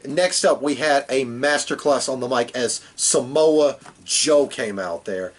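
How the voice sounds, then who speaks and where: A man's voice: mid-range voice, a little slow. A man co-hosting a podcast, casually recapping wrestling with dry joking asides. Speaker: podcast co-host.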